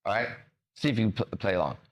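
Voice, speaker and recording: A man's voice: fairly low pitch, animated, fast talker. A man hosting a motivational talk, emphatic and preachy, who swears and stumbles over words as he explains. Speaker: podcast host. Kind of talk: motivational conversation.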